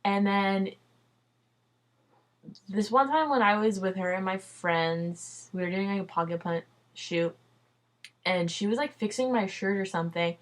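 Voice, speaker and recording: Speaking at an unhurried pace with long pauses, this medium-pitched woman is a young adult vlogger. She tells a personal story casually, saying "like" and "dude" constantly and cursing freely.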